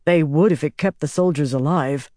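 A man reading a stern, steady soldier general. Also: on the high side, moderate pace, dry recording, clean studio sound, close to an everyday voice. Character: stern, composed soldier general, quietly wry.

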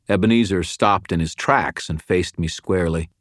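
Deep-voiced man narrating an audiobook. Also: moderate pace, dry recording, clean studio sound. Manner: steady, understated, subdued. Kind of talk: first-person audiobook narration.

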